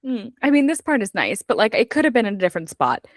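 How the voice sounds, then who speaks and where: A woman's voice: fairly high pitch, fast talker, no room sound, studio quality. A woman hosting a book club podcast, chatting casually and acting out characters' lines with frequent swearing. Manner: animated, swears freely, acts out characters' lines. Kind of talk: casual chat recapping a book.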